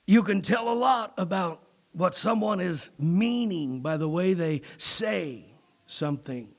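A man preaching a sermon as pastor, moving from low, quiet talk to loud, shouted emphasis and often repeating his words. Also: animated, unhurried.

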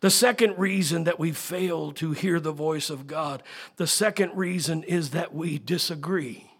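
Middle-aged male pastor, husky and a touch high, emphatic sermon delivery. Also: a little slow. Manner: emphatic preaching, swinging from soft to loud.

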